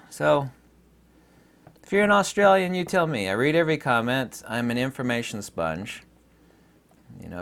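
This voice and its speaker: An American vlogger speaks straight to camera in a casual, emphatic, ranting monologue. His voice is mid-range and a bit bright.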